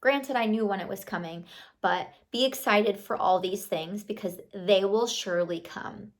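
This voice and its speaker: A woman's voice: medium pitch, moderate pace. A woman in her thirties vlogging to camera in a casual, motivational chat, chatty and affirming, full of "like" and "you know".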